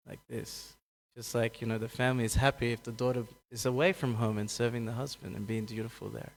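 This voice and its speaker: Male speaker, mid-pitch, relaxed scripture storytelling with acted-out quotes and self-corrections, long hall reverb. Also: brisk, vocal fry. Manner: acts out quoted characters with raised pitch, laughs often, corrects himself. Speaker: speaker giving a scripture class. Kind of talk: casual scripture talk with storytelling.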